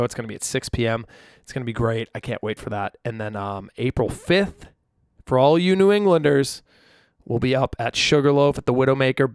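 A man's voice: medium pitch, vocal fry, no echo, clean studio sound. A young man hosting his own podcast alone in his room, chatting casually into a microphone in a rambling, self-deprecating way. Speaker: podcast host. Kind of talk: casual solo podcast chat. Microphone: studio microphone.

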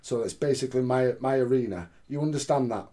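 A domineering older boss lecturing two men about who holds the power, as a podcast host quotes him. His voice stays in an ordinary middle pitch. He speaks in a stern, lecturing way. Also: fast talker, mellow, close to an everyday voice. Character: domineering older male boss laying down the law.

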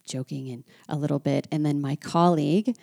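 An American woman talks through a casual lesson in a chatty, reflective way. Her voice sits low, with a gravelly fry and a mellow, dark tone. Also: steady tone, normal speed. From United States. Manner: chatty and reflective, with frequent asides. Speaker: French language and culture teacher. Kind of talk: casual teaching monologue.

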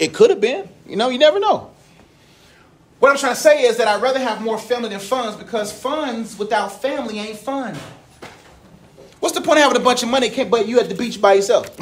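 A man in his thirties giving a casual, animated sermon talk, laughing often as he speaks. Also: very high-pitched, a little fast. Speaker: preacher.

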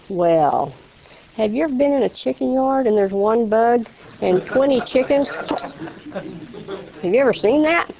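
A woman's voice: fairly high pitch, expressive, measured pace, gravelly, long pauses. A woman giving a personal faith testimony in a folksy storytelling way, acting out the people in her story. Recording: slightly dull lo-fi recording.

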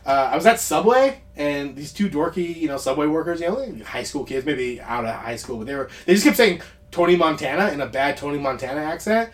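A man co-hosting a podcast, chatting casually about movies, rambling with quick asides and frequent laughs. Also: on the high side, animated. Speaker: podcast co-host.

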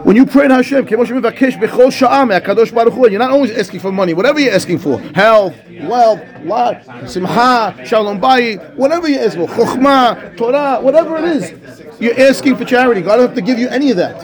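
A man teaching a Torah class as a rabbi, animated, acting out dialogue and reading Hebrew texts. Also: extremely high pitch, fast, crowd noise.

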